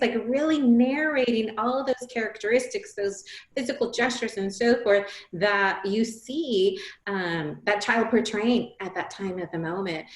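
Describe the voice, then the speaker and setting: Woman presenter, animated Q&A delivery with acted-out examples, roomy echoey sound. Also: a little high, normal speed. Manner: animated, acts out examples in lively voices. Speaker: webinar presenter. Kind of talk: webinar Q&A answers. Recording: roomy echo.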